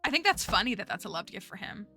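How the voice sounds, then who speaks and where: A chatty woman livestreaming a game, thinking out loud and talking to her viewers in a bright, crisp voice. Her pitch sits in a middling range. Game music plays faintly behind her. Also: sing-song, fast talker. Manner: chatty, thinks aloud and talks to her chat. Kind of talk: casual gameplay commentary.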